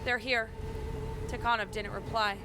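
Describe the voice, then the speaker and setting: A woman streamer reading a game's story aloud dramatically and translating its dialogue, with excited asides. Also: a little high, moderate pace, very noisy. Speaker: gaming streamer. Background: loud game music.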